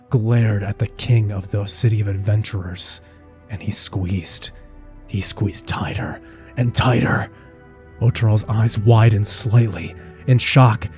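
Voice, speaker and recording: Husky male narrator over soft music. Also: medium pitch. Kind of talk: dramatic fan-fiction narration.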